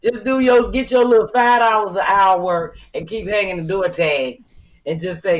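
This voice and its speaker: A woman co-hosting a comedy podcast in casual chat, telling animated stories and acting out what people said. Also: mid-range voice, moderate pace, low-quality recording. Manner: animated storytelling, acts out quotes. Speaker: podcast co-host.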